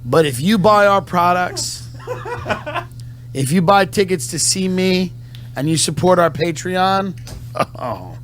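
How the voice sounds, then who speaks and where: Male comedian with a slightly high voice, slow deadpan delivery, mock-solemn patriotic speech, a faint hum behind him. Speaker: comedian and podcast host. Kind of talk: satirical mock-patriotic monologue.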